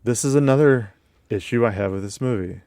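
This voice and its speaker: A man co-hosting a casual movie podcast, running through award facts in a relaxed way with small fillers. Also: medium pitch, a little fast, no room sound, studio quality. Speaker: podcast co-host.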